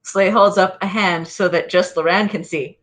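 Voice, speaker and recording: A woman's voice: lowish voice, fairly even intonation, moderate pace. A woman playing a tabletop game, narrating her character's actions. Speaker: player. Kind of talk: casual tabletop play.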